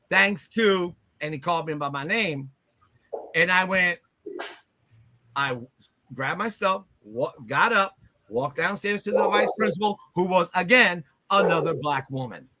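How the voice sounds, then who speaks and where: A man's voice: high voice, sharp tone. An older man from Newark, New Jersey, co-hosting a casual podcast, blunt and reflective, often affirming his partner. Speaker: podcast co-host. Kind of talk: casual conversational chat. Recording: clearly noisy recording.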